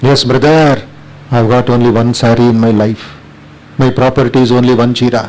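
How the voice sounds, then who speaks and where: A man with an Indian accent voicing a poor young tribal mother who pleads slowly and softly. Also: medium pitch, level tone, lightly acted. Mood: ashamed.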